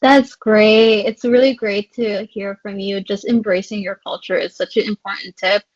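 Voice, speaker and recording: A woman's voice: mid-range voice, steady tone, moderate pace, no room sound, lo-fi sound. A woman co-host responding enthusiastically and affirmingly in a casual interview.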